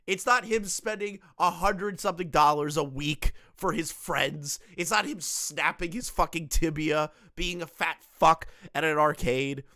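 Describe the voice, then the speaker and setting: A man's voice: a little high, a little slow, few pauses, sharp tone, no room sound, clean studio sound. A man hosting a reaction commentary, ranting, swearing and laughing often, his voice strained. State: strained voice, not back to normal. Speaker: commentary host.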